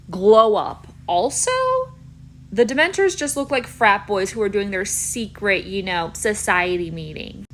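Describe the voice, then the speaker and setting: A young woman talks through a comedic reaction video with wry, sarcastic humor. Her voice sits at an ordinary middle pitch and her asides land playfully. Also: a bit bright, a little hiss or hum. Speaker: YouTuber.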